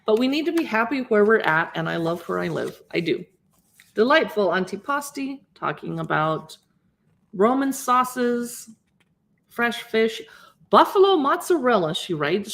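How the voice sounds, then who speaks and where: A woman in her fifties hosts a casual livestream, chatting as she pages through a cookbook, reading recipe names aloud and greeting viewers. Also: mid-range voice. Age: 50s. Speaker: livestream host.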